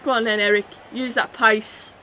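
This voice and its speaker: A woman livestreaming a football video game, chatting with her viewers and shouting at the match as it plays out. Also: a little high, normal speed, a little hiss or hum. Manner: excitable, shouts at the game, then chats casually. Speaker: gaming streamer. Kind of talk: live game commentary and chat reading.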